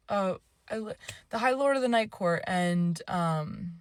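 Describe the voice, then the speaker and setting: A young woman talks through a tarot reading in a loose, chatty way, circling back and correcting herself as thoughts pop up. Her voice sits in a middle register and sounds dry and close, with no room around it. She sometimes drops to a hushed near-whisper while she hunts for a word. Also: medium pitch, expressive, a little slow, no room sound. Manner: rambling, chatty, lots of fillers and self-corrections; drifts to a hushed near-whisper when searching for words. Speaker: tarot reader. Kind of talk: casual intuitive reading to camera.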